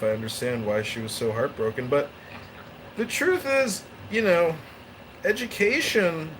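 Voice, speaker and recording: A man's voice: a bit bright, poor audio. Rambling man chatting, faint hiss. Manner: rambling storyteller with bursts of high-pitched mimicry. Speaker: podcast host. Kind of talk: casual group chat.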